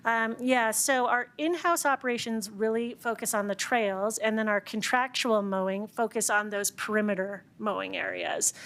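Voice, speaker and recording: City staff woman walking a council through answers, clear and step by step, mid voice. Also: mid-range voice, fairly bright tone. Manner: clear, methodical explanations. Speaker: city open space staff member. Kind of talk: explaining at a council meeting. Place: council chamber.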